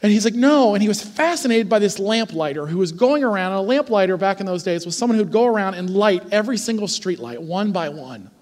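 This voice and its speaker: A man in his forties preaching a sermon, telling stories in a lively, conversational way and often checking in with the congregation. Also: high voice, fast, few pauses, in a large hall. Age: 40s. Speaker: pastor. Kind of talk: sermon with storytelling.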